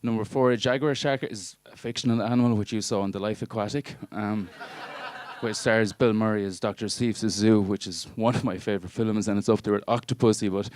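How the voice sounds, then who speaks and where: Male stand-up, 30s, lowish voice, dry pedantic know-it-all delivery. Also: steady tone, a little fast, few pauses, a little mellow. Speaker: stand-up comedian and marine biologist. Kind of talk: stand-up comedy set. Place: comedy club stage before a live audience.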